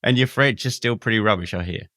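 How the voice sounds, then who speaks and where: A man's voice: on the low side, fast, pushed and bright, no room sound, studio quality. An Australian man hosting a farming podcast, laid-back and matey, chatting with a remote guest. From Western Australia. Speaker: podcast host. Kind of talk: casual podcast interview.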